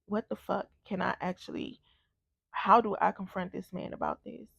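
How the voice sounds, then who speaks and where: A woman's voice: mid-range voice, little pitch movement, moderate pace, gravelly, a bit bright, breathy edge, no room sound, studio quality. A woman vlogger telling a personal story in a candid, blunt casual way, with frequent swearing.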